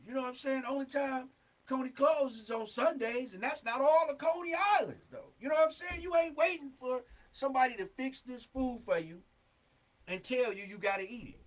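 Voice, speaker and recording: A man delivers a casual, earnest monologue as a talk show host. His voice sits high, and he presses his points hard with street slang and frequent "you know what I'm saying.". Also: fairly bright tone.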